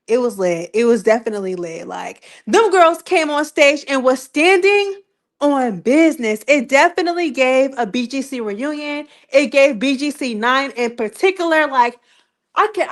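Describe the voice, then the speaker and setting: A young woman with a high voice hosts a casual live-stream recap. She talks in a loose, slangy way, circling back to the same teasing questions again and again. Her delivery stays animated throughout.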